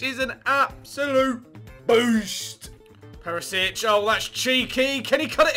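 Lad calling his football game, bright sharp voice, yelps n swears. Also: very high voice, slow pace, faint music behind. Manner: excitable, shouts and yelps at near misses, swears. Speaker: gaming channel host. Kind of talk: live gameplay commentary.

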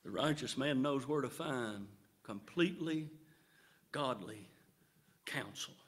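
A middle-aged man preaching a revival sermon in a church, rising to shouts and punctuating his points with amen. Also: medium pitch, animated, moderate pace.

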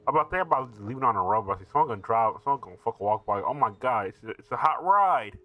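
A man hosting a reaction video, giving casual, profane commentary full of laughs and excited asides. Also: medium pitch, racing, narrow, tinny audio, soft background music.

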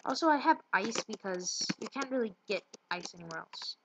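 A woman's voice: medium pitch, expressive, fairly quick, creaky. A woman giving casual gameplay commentary, rambling and tripping over her words. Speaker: let's play gamer. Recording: muffled lo-fi with loud hiss.

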